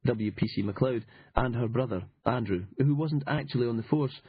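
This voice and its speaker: A man's voice: mid-range voice, moderate pace, slightly rough, lo-fi sound. A man reading an audiobook in a dry, sardonic storytelling manner. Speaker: audiobook narrator. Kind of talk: scripted narration.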